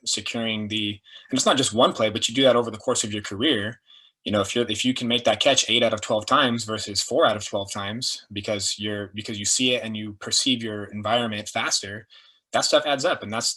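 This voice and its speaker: A young man with a bright, forceful yet husky voice, swapping coaching stories on a podcast. His delivery is casual and animated, dotted with "like" and "dude". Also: on the low side. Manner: animated, lots of fillers like "like" and "dude". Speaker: strength and performance coach, guest. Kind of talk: casual storytelling.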